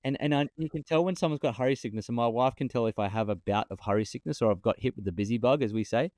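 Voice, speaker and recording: A man talking as a podcast guest over a remote call, an animated storyteller who often repeats himself. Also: mid-range voice, fast talker, no room sound. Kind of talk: casual interview talk.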